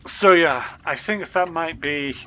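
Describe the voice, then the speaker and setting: A man's voice: on the high side, unhurried, bright, forceful tone, highs cut off, a little hiss or hum. A young man streaming a video game, rambling in loose commentary full of ums and uhs.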